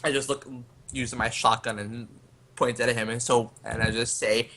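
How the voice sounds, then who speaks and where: An eager man at a tabletop game who keeps describing what his character does and asks about his rolls. His voice is bright and crisp at a middle pitch. A faint noise runs underneath. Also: level tone, moderate pace. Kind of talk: casual game table chat.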